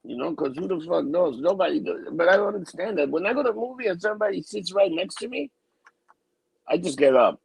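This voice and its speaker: A man's voice: high voice, expressive, quick pace, vocal fry, husky, no echo, rough recording. A man co-hosting a podcast, venting bluntly and with lots of swearing in casual chat. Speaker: podcast co-host.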